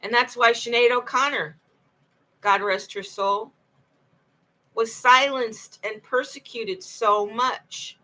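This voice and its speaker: In a late-night monologue to camera, a woman recounts her own story alone, rambling with passion and circling back to the same points. Her voice sits on the high side and sounds sharp, slow, and fairly even, and the recording is rough.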